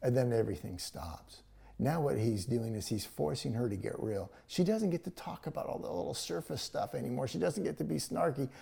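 A man's voice: mid-range voice, fairly quick, gravelly, warm tone. A man preaching a sermon, retelling a scripture story in a conversational way with paraphrased dialogue.

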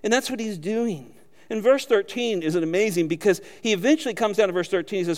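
Animated, high-voiced male pastor preaching. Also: fast talker, in a large hall. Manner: animated, acts out quotes, chuckles often. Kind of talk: sermon.

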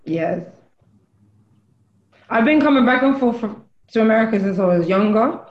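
A woman's voice: on the high side, lively intonation, normal speed. Woman from England, roomy and dull sound. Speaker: podcast co-host. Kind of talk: casual discussion.

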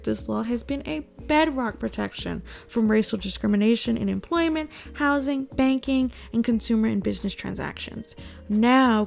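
A woman with a slightly high, gravelly-edged voice delivers casual political commentary. She talks emphatically and outspokenly, often stopping for laughing asides. Faint music plays softly behind her.

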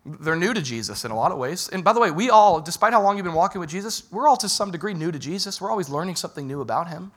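A man preaching a sermon in a conversational way, asking the listeners questions and swinging from loud bursts to quiet lines. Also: high voice, lively intonation, fast talker, few pauses. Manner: conversational, asks the audience direct questions. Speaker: pastor.

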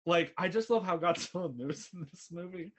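A young man chatting casually as co-host while watching a movie, animated, swearing and laughing a lot. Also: high voice, moderate pace. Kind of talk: casual movie commentary chat.

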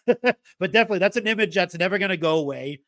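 A man's voice: sits high, animated, very fast, a bit bright, no room sound. Rambling man hosting a podcast, dry sound. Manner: rambling, many fillers and restarts. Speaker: podcast host. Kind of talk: casual podcast chat.

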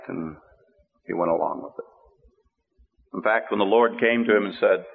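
A man's voice: low-pitched, measured pace, vocal fry, long pauses. Middle-aged guy preaching a sermon on the radio, lo-fi phone sound, acts out the voices. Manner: animated storytelling, acts out the spies' voices.

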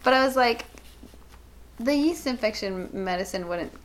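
A woman's voice: a little high, animated, moderate pace, slight background noise. Candid, giggly woman comic. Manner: laughs often, candid and crude, rambling. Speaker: guest comedian. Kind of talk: casual podcast chat, reading listener stories aloud.

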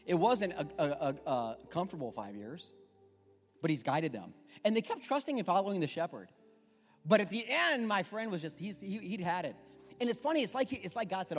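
Preaching in an echoey sanctuary with faint music behind him, this middle-aged pastor gives his sermon in a brisk, storytelling manner. He has a high voice with big swings in pitch and speaks with conversational emphasis.

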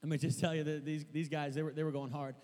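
Young man, preacher, sermon, high-pitched, stumbling restarts, excitable, long church-hall reverb. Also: fast talker. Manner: rambling and excitable, stumbling restarts, bursts into shouting.

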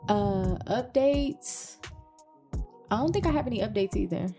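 A woman's voice: mid-range voice, expressive, measured pace, music in the background. A woman co-hosting a casual podcast, speaking in a laid-back, hesitant way. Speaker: podcast co-host.

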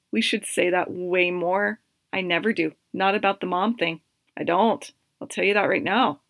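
A woman's voice: medium pitch, fairly bright tone, no room sound. A woman in her thirties, a coach hosting her podcast, who talks upbeat and encouraging straight to her listeners. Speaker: podcast host, life coach. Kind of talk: motivational solo podcast talk.

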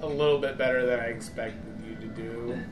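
A man's voice: medium pitch, fairly even intonation, brisk. A man co-hosting a podcast with casual, crude banter, teasing his friend and laughing often. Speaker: podcast co-host. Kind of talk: casual banter while gaming. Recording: echoey room with music behind.

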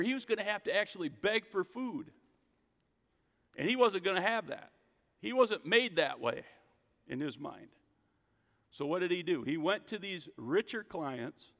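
Preaching a casual sermon in an echoey hall, a pastor with a high, slightly bright voice speaks conversationally. He prompts the congregation to repeat after him.

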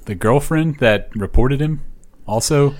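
A man's voice: medium pitch, measured pace. A man co-hosting a casual podcast, hesitant with many fillers and a dry sense of humor. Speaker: podcast co-host.

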